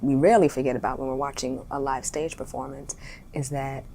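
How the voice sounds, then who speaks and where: Low-voiced woman, thoughtful interview guest. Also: steady tone, a little fast, gravelly, dark tone, slight background noise. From Harlem, New York. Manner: thoughtful, searching, restarts phrases. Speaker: actor and writer, interview guest. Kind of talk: reflective interview talk.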